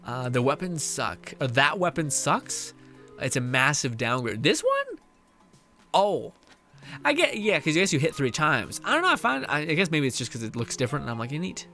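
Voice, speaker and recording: A man's voice: a little high, huge pitch swings, normal speed, bright, forceful tone, soft background music. A male streamer chatting casually and reading viewer messages aloud, tired and mentally drained, laughing often and swearing.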